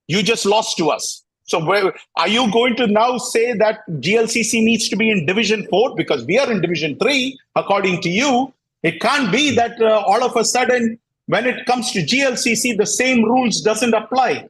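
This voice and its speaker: A man's voice: high voice, slightly rough, low-quality recording. A man hosting a cricket talk show, ranting in a combative, sarcastic way and often repeating himself. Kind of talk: heated casual rant.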